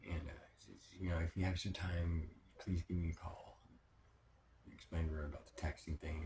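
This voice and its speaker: A man's voice: low-pitched, little pitch movement, normal speed, pauses often. A man telling a personal diary vlog, rambling with many fillers, sometimes dropping to a near whisper and swearing when upset. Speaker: vlogger. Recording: echoey room with background noise.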